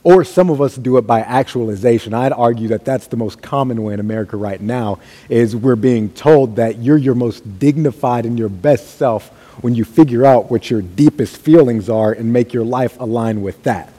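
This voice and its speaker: A man preaching a sermon with a dark, mellow voice that has a husky edge. He talks in an emphatic way and builds up to raised calls. A long reverb trails behind him in a big church hall. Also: mid-range voice, moderate pace.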